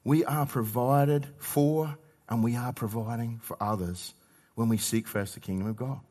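A middle-aged Australian pastor speaks at a moderate pace in a mid-range voice with fairly even intonation. He preaches his sermon conversationally, alternating loud emphasis with quiet asides.

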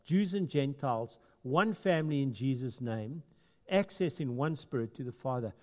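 A South African man preaches to his congregation in an easy, conversational way that swells into emphatic stretches. His voice sits at an ordinary middle pitch. A long reverb trails behind him from the hall. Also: lively intonation, normal speed. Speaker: pastor. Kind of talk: sermon.

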